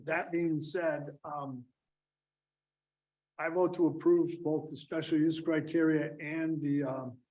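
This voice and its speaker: A man's voice: on the high side, level tone, slow, darkish tone, rough recording. A man chairing a town zoning board meeting, reading out agenda items and calling on members to vote.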